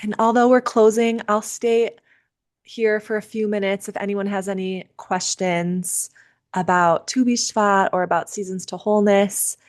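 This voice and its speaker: A woman speaking on a video call at a middle, even pitch. Her delivery is gentle and unhurried as she winds down a spiritual gathering and answers questions. She pauses and restarts now and then with soft fillers. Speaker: seder leader and teacher. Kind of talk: casual talk closing a virtual gathering.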